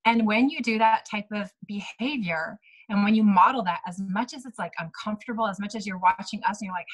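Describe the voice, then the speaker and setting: A breathy woman in her thirties gives a motivational talk to her team. She talks in a loose, chatty way, scattering "like" and "right?" through her sentences and acting out little bits of dialogue as she tells her stories. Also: mid-range voice, fairly quick, rough recording. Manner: chatty, lots of "like" and "right?", acts out quoted dialogue. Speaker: team leader speaking to her sales team.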